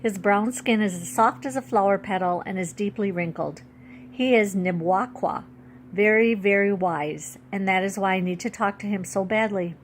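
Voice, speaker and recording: A woman author reads her own storybook aloud, steady and clear. Her voice sits at a medium pitch. A faint hiss of noise runs under her reading. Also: moderate pace.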